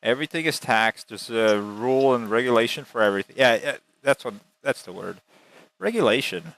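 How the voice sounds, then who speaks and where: A man talking casually in a skeptical tone, halting and restarting as he rambles along. His pitch sits in a middle range for a man. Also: lively intonation, fairly bright tone. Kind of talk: casual chat.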